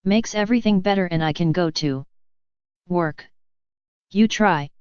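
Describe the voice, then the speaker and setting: A woman's voice: lowish voice, unhurried, a little mellow, smooth, dry recording, dull audio, close to an everyday voice. A woman voicing a blunt male boss who gives advice in broken English.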